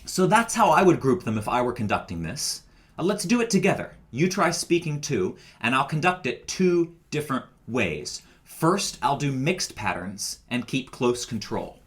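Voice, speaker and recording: A man recording a choir rehearsal lesson as its director, explaining each step patiently. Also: mid-range voice.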